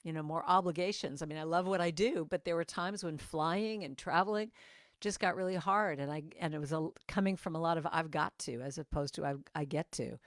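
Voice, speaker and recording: A woman's voice: fairly low pitch, a little fast, dry recording, clean studio sound. A woman giving an earnest, chatty inspirational morning message as guest speaker, talking over a video call.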